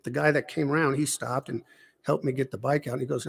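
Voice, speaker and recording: A man giving a rambling personal faith testimony, halting with many restarts and asides. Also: medium pitch, fairly even intonation, creaky, breathy edge, long reverb tail. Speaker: lay speaker giving personal witness.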